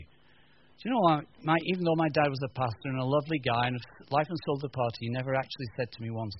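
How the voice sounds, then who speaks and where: A man from the north of England giving a humorous teaching talk to a live audience, animated and jokey, acting out little scenes. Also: mid-range voice, fast talker, dull audio, slight background noise. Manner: animated, jokey, acts out voices, stammering restarts. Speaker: preacher.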